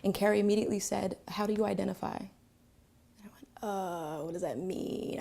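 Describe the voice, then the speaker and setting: Woman from Philadelphia, personal storyteller; gravelly, mid-pitched, reflective and halting delivery. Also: warm tone. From Philadelphia, Pennsylvania. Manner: reflective, halting with many fillers.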